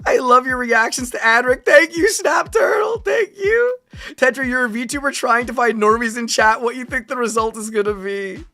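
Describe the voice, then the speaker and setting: High-pitched excitable woman streamer. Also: normal speed, faint music behind. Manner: excitable, laughs often, high squealing exclamations. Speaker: VTuber streamer. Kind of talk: livestream reaction chat.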